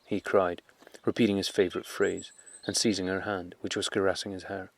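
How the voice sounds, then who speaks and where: Low-voiced man reading an audiobook. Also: creaky. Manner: measured, calm, unhurried reading. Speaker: audiobook narrator. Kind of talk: audiobook narration of a classic novel.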